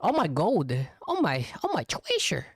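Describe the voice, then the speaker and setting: A man putting on a greedy goblin voice, shrill and squealing, outraged at any threat to his treasure. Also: wildly swooping pitch, a little slow, breathy edge, dry recording, studio quality, exaggerated voice. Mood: indignant.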